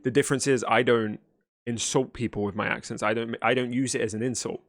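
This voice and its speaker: A man talking back at a video he is reacting to. He is blunt and exasperated and lectures at length. His voice sits at a middling pitch, and the recording is dry and close. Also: steady tone, quick pace, dry recording. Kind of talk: argumentative reaction commentary.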